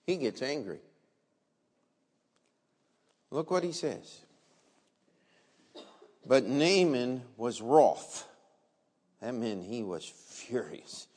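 A man's voice: mid-range voice, expressive, takes it slowly, long pauses, a little mellow. A man preaching a sermon as a pastor, telling the story vividly and asking the congregation rhetorical questions. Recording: long reverb in a large hall.

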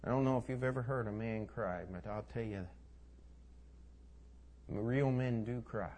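Unhurried and medium-pitched, a preacher retells scripture in his sermon, adding folksy asides and lurching dramatically between quiet and loud passages.

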